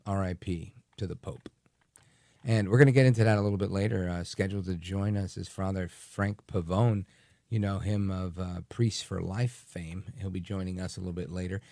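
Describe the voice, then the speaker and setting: A man's voice: fairly low pitch, gravelly, a little mellow, dry recording, studio quality. A man hosting a talk radio show, delivering a rambling, chatty monologue full of asides and fillers.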